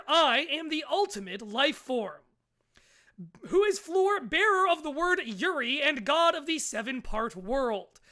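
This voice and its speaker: Over-the-top news reporter, put on by the host; grandiose, mock-menacing, high bright tone.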